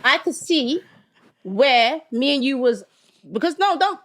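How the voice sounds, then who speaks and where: Animated woman telling her story. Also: high voice, measured pace. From London, England. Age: 30s. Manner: animated storytelling, keeps asking "do you get what I mean?". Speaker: podcast guest. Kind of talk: casual chat.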